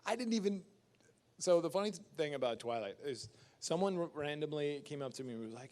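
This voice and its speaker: A man from Canada at a fan convention panel, talking casually into a handheld mic. His voice sits mid-range and leaps up when he acts out other people. He is a lively storyteller who laughs easily. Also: mid-range voice, fast talker.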